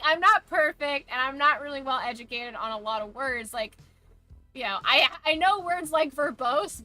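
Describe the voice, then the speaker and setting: A woman's voice: high voice, bright, forceful tone. A woman streamer chatting casually while gaming, opinionated and ranting, swearing freely.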